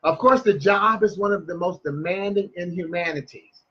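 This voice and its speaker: A man reading as a calm, proud mother. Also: sits high, breathy edge, lo-fi sound, pitched above the performer's own voice. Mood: cool, proud. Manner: calm, deliberate, emphatic. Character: cool-headed mother of four, proud.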